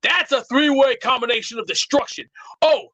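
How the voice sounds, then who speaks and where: A man calling into a show, ranting in a brash, loud, rambling tough-guy bluster over lo-fi internet call audio. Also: very high voice, moderate pace, no echo. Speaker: show caller. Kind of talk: comedic call-in rant. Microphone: remote internet call.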